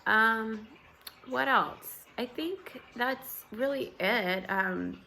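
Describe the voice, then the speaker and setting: Gravelly just-woken woman chatting casually. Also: on the high side, extremely slow, a little hiss or hum. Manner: relaxed, rambling, many fillers and soft laughs. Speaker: vlogger. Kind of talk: casual morning chat to camera.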